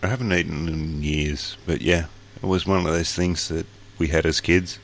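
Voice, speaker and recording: An Australian man with an extremely low voice and a gravelly, creaky edge, co-hosting in loose casual chat. He jokes around and swears freely, heard through a remote call mic. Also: fairly even intonation, moderate pace. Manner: joking, loose and profane. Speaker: podcast co-host.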